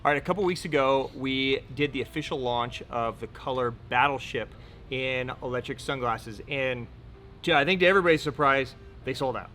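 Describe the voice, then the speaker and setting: A man's voice: mid-range voice, moderate pace, bright, forceful tone, slight background noise. Joking, upbeat man hosting a product rundown. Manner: upbeat, joking, casual swearing. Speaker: host. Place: indoor room.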